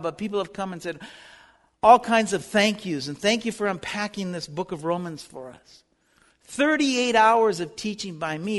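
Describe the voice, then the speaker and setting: This Bible lesson comes from a man with a high, somewhat bright voice, preaching in sermon style. Earnest throughout, he builds toward fervent appeals, and a hall's long reverb surrounds the recording.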